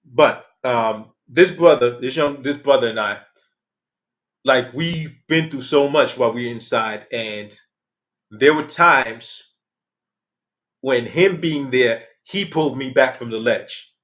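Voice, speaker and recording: Middle-aged man hosting a livestream, blunt and animated, medium pitch. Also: takes it slowly. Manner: candid, animated, uses slang and swears. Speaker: channel host. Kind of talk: casual livestream commentary.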